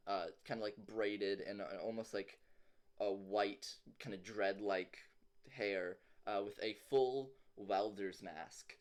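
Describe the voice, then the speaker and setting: A man's voice: fairly low pitch, clean tone. A man narrating a tabletop game as game master, describing scenes loosely with many fillers.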